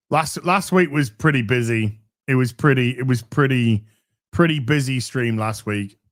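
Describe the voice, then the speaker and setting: A man hosting a live stream who chats casually to his viewers, swearing freely and often restarting his phrases. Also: mid-range voice. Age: middle-aged. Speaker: livestream host.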